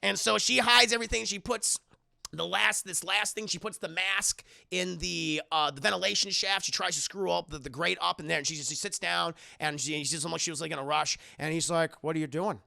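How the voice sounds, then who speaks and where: A man streaming a profane, excitable scene-by-scene film recap, constantly calling out to his chat. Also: high voice, a little fast, creaky, no room sound, studio quality. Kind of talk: animated spoiler recap to a live chat.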